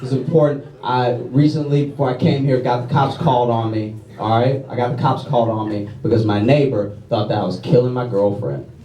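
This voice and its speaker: A man's voice: medium pitch, fairly quick, dark tone. A man from central Louisiana doing a stand-up set, self-deprecating and tagging his jokes with "all right?" and "okay?". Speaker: stand-up comedian. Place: comedy club stage before a laughing crowd. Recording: echoey club, crowd laughter, mic at a distance.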